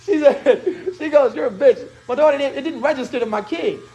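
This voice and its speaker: A man in his thirties hosts a relaxed chat and tells an animated story. His voice sits very high with a gravelly edge. He talks quickly and slips into each person he quotes. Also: dull audio. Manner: animated, acts out quoted dialogue. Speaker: host. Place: barbershop.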